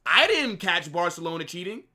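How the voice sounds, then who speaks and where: A young man runs a live football watch-along and spars with his chat, mocking and needling the commenters. His voice sits high and bright, and his pitch swings widely as he talks. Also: sing-song, normal speed.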